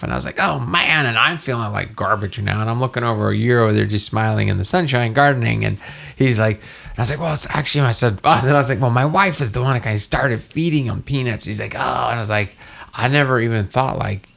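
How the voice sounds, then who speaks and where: A man's voice: mid-range voice, creaky, a bit bright. A man co-hosting a casual podcast, telling a rambling story and acting out the dialogue. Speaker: podcast co-host. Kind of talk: casual chat.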